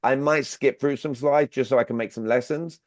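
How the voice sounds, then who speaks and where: A man with a mid-range voice and fairly even intonation leads an online sales workshop at a moderate pace over a video call. He speaks directly and drills listeners with questions, and the audio is dull and dry.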